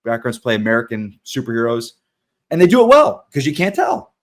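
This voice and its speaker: Animated male podcast co-host. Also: mid-range voice, fairly quick. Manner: animated, restarts often, opinionated. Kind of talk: casual podcast chat.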